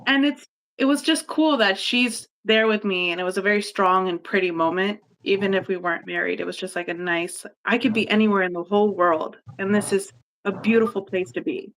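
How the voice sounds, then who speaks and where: Bright, animated woman telling a story. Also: medium pitch, brisk, slight background noise. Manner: animated, swears freely, laughs often. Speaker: guest storyteller. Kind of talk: casual chat.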